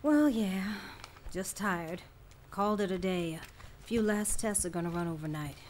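A woman voicing a weary middle-aged scientist and mother who speaks in a measured, reserved way. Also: mid-range voice, a little mellow, a little hiss or hum, natural voice. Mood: tired.

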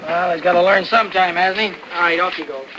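Brisk, protective horse trainer. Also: male voice, sits high, fairly even intonation, pushed and bright, a little hiss or hum, low-quality recording. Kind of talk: film dialogue.

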